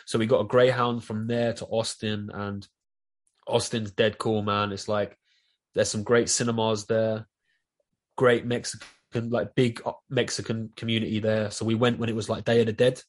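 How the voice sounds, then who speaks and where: A man's voice: fairly low pitch, little pitch movement, moderate pace. A man with a South East London accent, chatting loosely on a podcast and swearing a lot as he rambles. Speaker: podcast guest. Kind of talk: casual chat.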